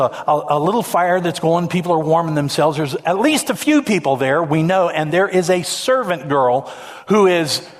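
Male pastor, slightly high, emphatic storytelling sermon. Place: church stage.

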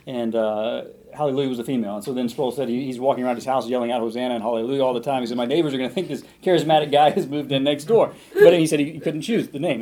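A man delivers a sermon, slipping into a long anecdote and acting out the quoted lines. His voice is husky and mellow, and he talks fast while his pitch swings widely. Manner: animated retelling with many restarts. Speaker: preacher. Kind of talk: sermon storytelling.

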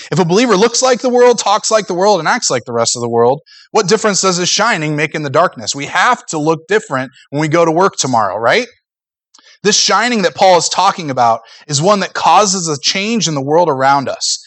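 Male pastor, higher-pitched, conversational sermon delivery, dry close sound. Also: fairly bright tone, no echo. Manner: earnest, conversational preaching with acted-out asides.

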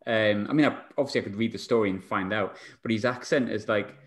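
A man's voice: lowish voice, fast talker. A man hosting a casual podcast, rambling in a chatty way with laughing asides. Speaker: podcast host. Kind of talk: casual chat.

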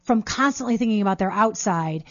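A woman's voice: mid-range voice, lively intonation, a little fast, no room sound, muffled recording. A middle-aged woman hosting a talk show, chatty and prone to repeating words as she asks questions. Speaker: host. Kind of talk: casual interview talk.

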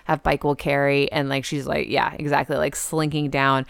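A woman co-hosting a podcast, casually recapping a show and acting out characters' lines in quick quotes. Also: sits low, flat delivery, gravelly, dry recording, studio quality. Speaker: podcast co-host.

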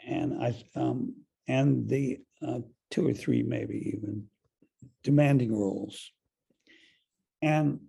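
An older man, an actor and director, telling a long anecdote in an interview, halting often with fillers and restarts. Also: medium pitch, vocal fry, dark tone, slightly rough.

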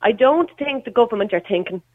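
A woman's voice: a little high, animated, brisk. An Irish woman calling in to a radio show, earnest and heartfelt, talking in a rush. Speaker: caller. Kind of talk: phone-in call. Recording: tinny phone line.

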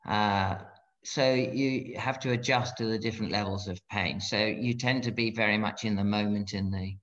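A man's voice: on the low side, steady tone, fairly bright tone. Blunt middle-aged man, dull lo-fi sound. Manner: blunt, frank, halting with restarts. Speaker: guest, former fighter pilot. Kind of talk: candid interview conversation.

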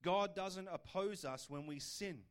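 A man delivers a sermon in a casual, conversational way. His voice sits fairly high, and he often checks in with the listeners through rhetorical questions. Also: measured pace, a bit bright. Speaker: pastor.

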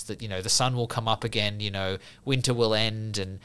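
Here a man on a podcast, speaking from a Buddhist perspective, casually explains a Buddhist idea and shares a story, restarting often and using lots of fillers. His voice is on the low side, smooth and a bit bright, with fairly even intonation and a brisk pace.

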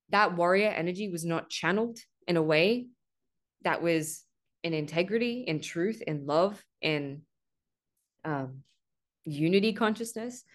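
A woman hosting a podcast, giving an earnest spiritual monologue, stressing points with swearing and a habitual "right?". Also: lowish voice. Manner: earnest, repeats "right?" often, swears for emphasis. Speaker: podcast host.

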